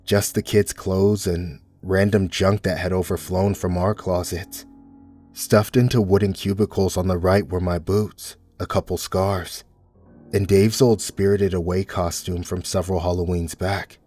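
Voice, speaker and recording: A man narrating a horror story in a steady, measured scripted reading. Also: deep voice, soft background music.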